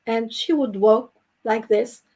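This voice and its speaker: A woman from the Middle East, not a native English speaker, slowly and earnestly telling a personal story as a co-host in a casual chat over a video call. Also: fairly high pitch, mellow, low-quality recording.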